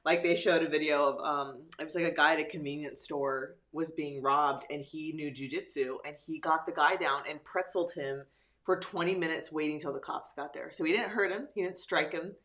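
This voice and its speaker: A woman in her thirties in casual, animated conversation, laughing often and slipping into playful quoted voices. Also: low-pitched, brisk. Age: 30s. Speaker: guest. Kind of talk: casual chat.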